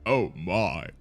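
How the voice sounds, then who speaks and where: A man streaming a game, chatting casually and reading its text aloud, laughing often and tripping over his words. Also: fairly low pitch.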